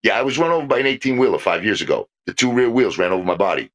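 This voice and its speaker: Older male podcast co-host, lively pitch, animated storyteller who acts out quoted voices. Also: rapid-fire. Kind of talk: casual political chat.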